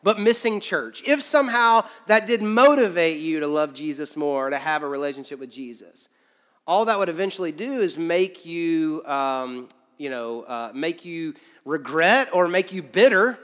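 A man's voice: a little high, lively intonation, normal speed, a bit bright, big-room sound. A man pastor preaching a conversational sermon, joking and acting out quoted voices.

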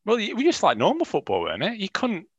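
A man, chatting in a relaxed, halting way as a football podcast co-host. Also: sits high, slightly rough, no room sound, highs cut off. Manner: relaxed, hesitant, repeats words. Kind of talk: casual football podcast chat.

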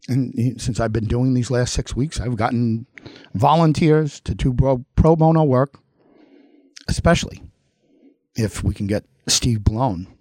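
A man's voice: on the high side, a little mellow, no echo. A middle-aged man with a Long Island accent hosting a political commentary show, delivering a heated monologue with emphatic repetition and addressing his targets directly.

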